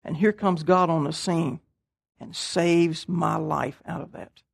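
An older man, preaching a sermon and telling stories in a folksy, animated way. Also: fairly high pitch, slow pace, gravelly. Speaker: pastor.

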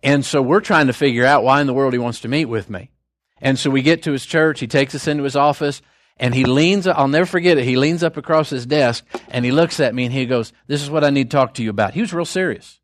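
A man's voice: mid-range voice, brisk, dry recording. Older man preaching, dry close sound. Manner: conversational, storytelling, folksy asides. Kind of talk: sermon.

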